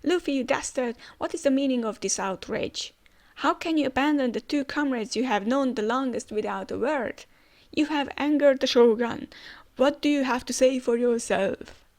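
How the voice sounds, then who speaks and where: A woman's voice: sits high, moderate pace, darkish tone, pitched above the performer's own voice. A woman voicing a young boy ruler who scolds in a pompous, indignant way.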